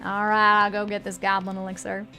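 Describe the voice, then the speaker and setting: A woman's voice: mid-range voice, monotone, brisk, sharp tone, faint music behind. Woman in a put-on Southern accent playing a game. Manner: playful, chatty, laughs at the game. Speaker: streamer. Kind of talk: let's-play commentary, reading game text aloud.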